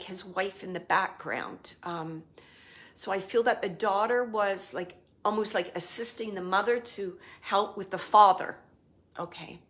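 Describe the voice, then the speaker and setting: A psychic medium gives a live spirit reading in a soft, halting, medium-pitched voice. As she searches for words, she often drops to a whisper.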